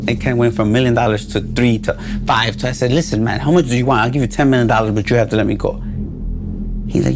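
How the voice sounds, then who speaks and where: A man's voice: mid-range voice, fairly even intonation, quick pace, over music. A man telling his own story in a podcast interview, acting out the dialogue in a blunt and profane way.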